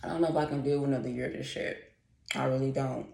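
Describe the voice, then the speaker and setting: Vlogger, woman, low gravelly voice, exasperated profane rambling rant, echoey room. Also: steady tone, fast talker, darkish tone, a little hiss or hum. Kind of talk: casual ranting vlog. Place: apartment at home.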